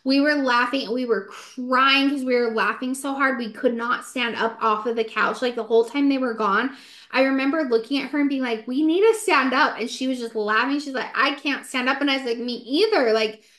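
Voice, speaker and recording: A woman's voice: fairly high pitch, steady tone, brisk, a bit bright. A woman co-hosting a casual podcast, telling a family ghost story with lots of "like" fillers. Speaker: podcast co-host. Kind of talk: casual chat.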